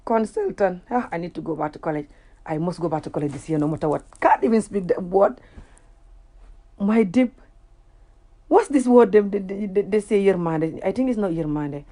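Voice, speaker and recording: A woman's voice: fairly low pitch, moderate pace, pauses often, dark tone. A Gambian woman whose first language is Wolof, ranting casually in a video, often laughing at herself and repeating words as she searches for them. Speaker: vlogger. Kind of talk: casual reaction rant.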